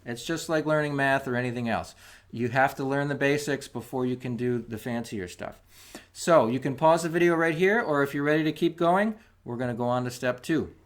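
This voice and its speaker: In a video music lesson, a man with a medium-pitched voice speaks a little fast, demonstrating patiently and step by step while counting the beats out loud. Clicking spoons can be heard behind him.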